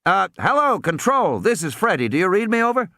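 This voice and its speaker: A man voicing a drawling, gruff boat captain talking over a ship radio. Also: high voice, sing-song, brisk, pushed and bright, no room sound, clean studio sound, voice pushed up, heavily acted.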